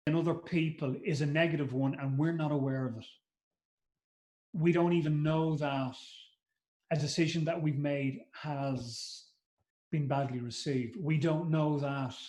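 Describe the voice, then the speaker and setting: Trainer with a higher voice in an echoey room. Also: male voice, a little mellow. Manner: conversational, repeats words, acts out quotes. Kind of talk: live masterclass talk. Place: conference room. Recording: roomy echo.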